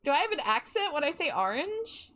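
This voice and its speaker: This is a young woman with a Midwestern accent and a slightly high voice, talking to her live chat while she streams. She is chatty and playful, and she giggles often between her thoughts. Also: big pitch swings, fairly quick, pushed and bright. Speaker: livestreamer.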